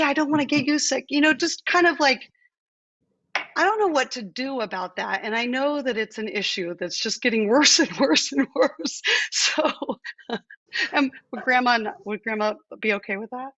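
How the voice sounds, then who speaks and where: A woman in her forties from the United States co-hosts a live stream from home, warmly telling stories and acting out quoted asides. Her voice is bright and a bit high. She comes through a dull, dry video-call line. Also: no echo. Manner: emotional, chatty, tells stories with quoted asides. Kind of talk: casual conversational talk.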